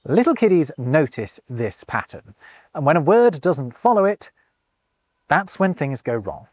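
Man, animated explainer, swooping lively intonation, close dry studio sound. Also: a little high, measured pace, dry recording. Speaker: host. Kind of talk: scripted presenter narration.

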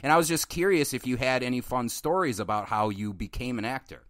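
A man hosting a podcast, asking questions in a relaxed, casual way. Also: medium pitch, brisk, no echo, studio quality. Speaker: podcast host. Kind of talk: casual interview.

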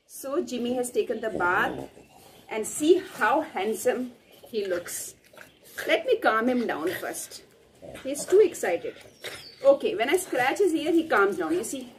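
A woman's voice: on the high side, very animated, measured pace, noisy background. A middle-aged woman chatting fondly in a casual home video, outdoors at home, filmed on a phone held by her daughter. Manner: fond, chatty, coos to the dog. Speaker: dog owner and mother. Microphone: phone camera held by her daughter.

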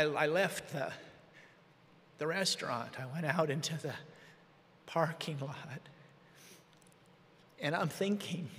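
A middle-aged man tells a sermon story, his emotion swinging from hushed to loud. His voice sits a little high. The sound carries a long reverb from a large meeting hall. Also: creaky. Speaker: preacher.

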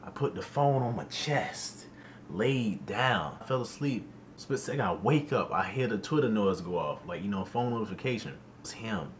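A man's voice: lowish voice, moderate pace. Young guy spilling a story on his channel, slangy, voice jumping all over, bit of hiss behind. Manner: animated, slangy, exclaiming in disbelief. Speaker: YouTuber. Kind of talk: storytime vlog.

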